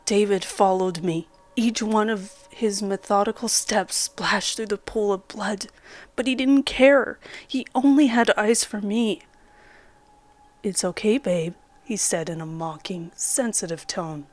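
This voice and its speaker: Slow, measured woman narrating horror. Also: mid-range voice. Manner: measured, dramatic, dips into whispers. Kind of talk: scripted first-person horror narration. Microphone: studio condenser mic.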